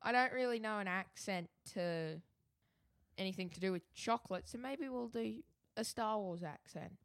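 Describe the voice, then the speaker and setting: A woman's voice: medium pitch, no echo. Woman, podcast co-host, playful casual banter, dry close sound. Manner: playful, quick to laugh, dramatic mock outro.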